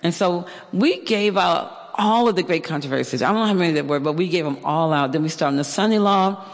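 A man giving a personal testimony, telling his story in an animated way with fillers and restarts. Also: on the high side, a little fast, in a large hall. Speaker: church member giving testimony.

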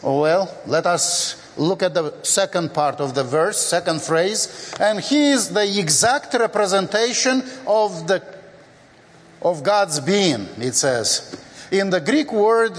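A man preaching a sermon in a slow, deliberate way, with frequent fillers, acting out the scripture dialogues in lively voices. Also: fairly high pitch. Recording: long hall reverb.

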